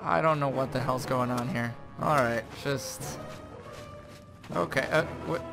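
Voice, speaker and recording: A man giving excitable, swearing commentary while playing a video game, with surprised yelps. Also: medium pitch, a little slow, vocal fry. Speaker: let's play gamer. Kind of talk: casual gameplay commentary. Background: game music.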